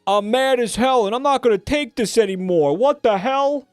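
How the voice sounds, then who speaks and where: A man putting on the voice of a furious dad who is fed up and shouting. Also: extremely high pitch, normal speed, clean tone, no room sound, clean studio sound, soft background music, voice pushed up. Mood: outraged.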